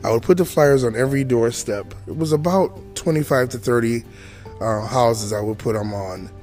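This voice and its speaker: A man's voice: mid-range voice, normal speed, a little mellow, soft background music. A man in his forties telling his own story as a podcast host, chatty and full of asides to the listener. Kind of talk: storytelling monologue.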